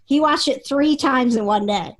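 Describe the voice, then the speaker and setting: A woman's voice: high-pitched, moderate pace. A woman co-hosting a casual podcast, chatting and giggling as she tells stories. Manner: chatty, giggly, restarts sentences. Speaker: podcast co-host. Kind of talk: casual chat.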